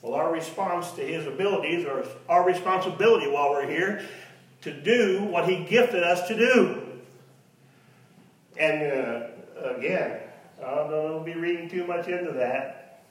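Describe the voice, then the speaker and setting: A man preaching a sermon, sometimes mocking imagined doubters in a raised voice, recorded in a church. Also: a little slow. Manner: mocks imagined doubters in a high voice. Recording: echoey hall from far off.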